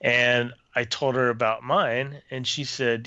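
Brief: man, storyteller guest, halting and self-correcting, dry and slightly dull sound. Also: medium pitch, fairly even intonation, bright, forceful tone, no room sound. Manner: hesitant, with many restarts and fillers. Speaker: former theme park custodial worker, guest author. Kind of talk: casual storytelling in a podcast interview.

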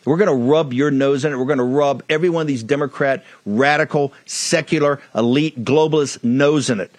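Fiery talk host, dry sound. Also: male voice, mid-range voice, brisk, no echo. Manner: fiery, blunt and emphatic. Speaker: political talk show host. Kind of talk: combative political monologue.

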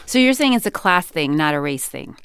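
A woman's voice: low voice, sing-song, a little fast, a bit bright, smooth, no room sound. A woman with a Californian accent hosting an interview in a studio, asking direct, probing questions. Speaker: podcast host. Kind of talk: conversational interview.

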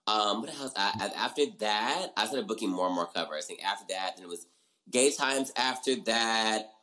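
A man's voice: lowish voice, moderate pace, bright, forceful tone, rough recording. A young man as an interview guest, animatedly telling his story and acting out his own past reactions. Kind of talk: casual interview chat.

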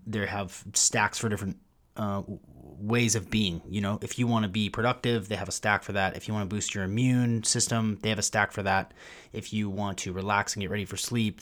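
A male podcast host introduces his episode and reads a sponsor spot. His voice sits a little low, and he talks with bubbly enthusiasm, often restarting his sentences as he goes.

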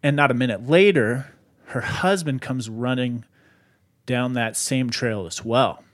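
Male podcast host, conversational storyteller, lively, loose delivery. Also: medium pitch, a little slow. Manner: animated, lots of "like" fillers. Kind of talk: casual storytelling.

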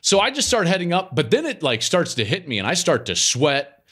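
A middle-aged man hosting a podcast, telling a story in a lively, self-mocking way. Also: on the high side, a little fast, breathy edge. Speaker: podcast host. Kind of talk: casual storytelling monologue.

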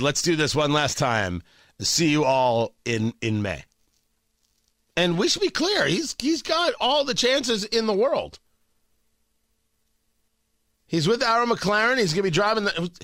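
A man's voice: fairly high pitch, no echo. A man hosting a talk radio show, opinionated and sarcastic, bantering and joking in the studio. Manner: animated, sarcastic, jokey.

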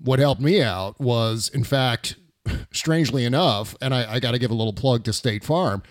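A man's voice: mid-range voice, normal speed, dry recording, studio quality. A middle-aged man hosting a podcast interview, chatty, laughing often and leaning on fillers. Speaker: podcast host. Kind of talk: casual interview chat.

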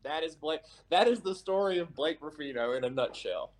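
A man's voice: fairly high pitch, a little fast. A man chats as a guest on a sports podcast, his voice swinging widely up and down. He laughs a lot and stumbles over repeated starts as he gets going. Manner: animated, laughing, stammering restarts. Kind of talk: casual sports chat.

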